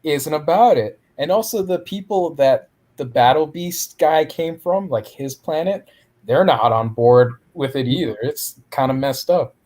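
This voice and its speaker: A man's voice: on the high side, unhurried, dark tone. A man co-hosting a podcast, recapping a comic in a joking way and acting out the characters' lines. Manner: jokey, acts out character lines. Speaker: podcast co-host. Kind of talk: casual comic-book recap.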